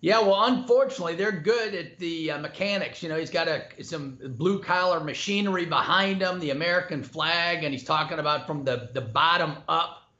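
A man who is a business school dean, speaking calmly and hesitantly as a remote interview guest. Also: a little high, moderate pace. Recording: dull, echoey remote audio.

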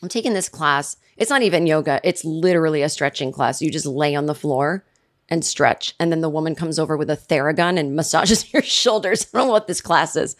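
A woman in her forties hosting a podcast, telling a rambling comedic story in a chatty way and mimicking her family with shrill yells. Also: fairly quick. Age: 40s. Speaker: podcast host. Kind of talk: casual comedic monologue.

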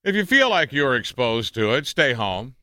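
A man co-hosting a radio show, reading odd news stories in a wry, deadpan way amid casual banter. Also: mid-range voice, moderate pace, dry recording.

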